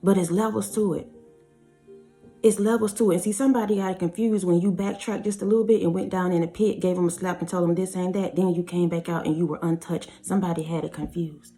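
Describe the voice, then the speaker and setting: A woman delivers a spiritual reading in an emphatic, preachy way, stretching her words out for effect. Her voice is mellow and warm, with faint music playing underneath. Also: on the low side, steady tone. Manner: emphatic, preachy, drawn-out phrases. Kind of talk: spiritual reading commentary over song lyrics.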